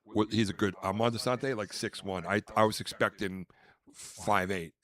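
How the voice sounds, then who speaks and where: This podcast host speaks at normal speed in a steady, lowish voice with a fairly bright tone. His casual chat drifts through stories full of name-dropping and acted-out quotes.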